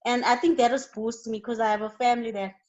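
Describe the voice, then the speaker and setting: A woman's voice: fairly high pitch, flat delivery, quick pace, a little mellow, lo-fi sound. A woman guest giving an earnest faith testimony in an interview, preaching with rising bursts of emphasis.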